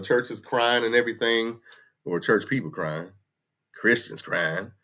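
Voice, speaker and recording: With a medium-pitched, somewhat bright voice, a man in his 50s hosts a casual livestream chat. He rants bluntly and swears, picked up by a computer mic.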